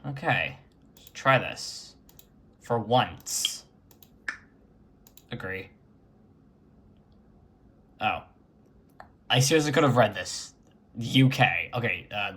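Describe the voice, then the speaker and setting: Slow-talking man narrating his screen. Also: medium pitch, fairly bright tone. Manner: unhurried, chatty, mutters while clicking. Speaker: retro computing vlogger. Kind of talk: casual screen-recording commentary.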